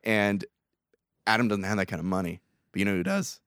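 Man podcast co-host, low voice, dry close mic, profane animated recap. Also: brisk, no echo. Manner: profane, animated retelling with acted quotes. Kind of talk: casual movie recap chat.

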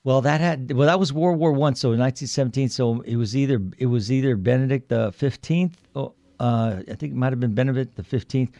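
A man's voice: medium pitch, a little fast, vocal fry, hardly any pauses, warm tone, no room sound. A man co-hosting a morning radio show in a studio, telling a story with many restarts and fillers. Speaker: radio co-host. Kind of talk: casual radio talk.

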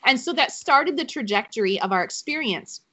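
A woman's voice: sits high, expressive, a little fast, bright, forceful tone, muffled recording. A woman, telling a personal faith story as a podcast guest, choking up at times.

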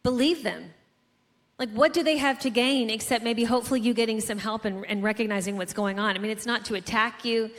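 A woman's voice: on the high side, fairly even intonation, fairly quick. Sincere woman co-hosting a marriage talk. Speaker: co-host of a marriage show. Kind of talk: faith-based marriage talk.

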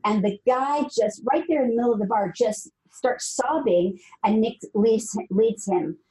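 Earnest woman with a mellow voice. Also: fairly high pitch, moderate pace, poor audio. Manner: earnest, emphatic, repeats phrases. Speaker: guest author. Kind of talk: conversational storytelling.

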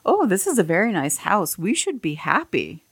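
A woman's voice: mid-range voice, huge pitch swings, normal speed, husky, dry recording, clean studio sound, pitched above the performer's own voice, full character voice. A woman voicing a kind, reluctant fisherman husband while retelling a fairy tale, speaking in a meek, hesitant way. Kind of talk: storytelling in casual chat.

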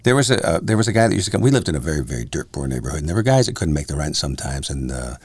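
A man's voice: very deep voice, sing-song, racing, breathy edge, no room sound. A man from Ontario, co-hosting a casual radio show, joking and telling stories. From Windsor, Ontario. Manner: jokey, storytelling, breaks into song bits. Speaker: co-host.

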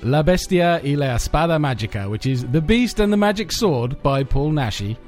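A man's voice: on the high side, animated, normal speed, darkish tone, soft background music. A man hosting a casual film podcast chat in a self-deprecating, laughing way. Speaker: podcast host.

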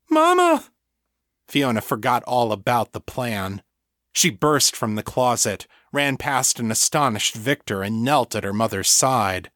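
A man narrating an audiobook in a measured, deliberate storytelling manner. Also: mid-range voice, fairly bright tone, no echo, studio quality. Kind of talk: scripted narration.

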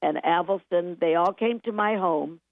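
An older woman, a guest songwriter with a fairly low voice, tells lively showbiz anecdotes at a moderate pace in an animated storytelling interview, slipping into the voices of people she quotes and laughing often. She sounds thin and tinny, as if on a phone line, and the recording is dry and close.

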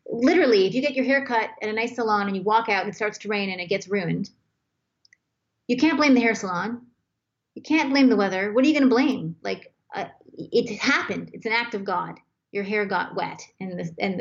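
A woman's voice: mid-range voice, creaky. A woman speaking as a guest on a talk show, giving flowing, emphatic advice and acting out sample dialogue. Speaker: guest expert. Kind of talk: relationship advice chat. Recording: slightly dull lo-fi sound.

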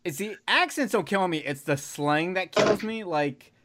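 A man's voice: high voice, expressive, normal speed, a loud crowd. Profane joking male podcast host. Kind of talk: casual chat.

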